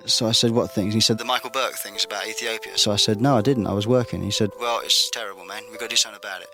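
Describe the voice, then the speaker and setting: A man's voice: lowish voice, fairly even intonation, very fast, hardly any pauses, music in the background. A man from England being interviewed, telling chatty stories and acting out quoted dialogue. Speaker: musician interviewee. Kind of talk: anecdotal interview recollection.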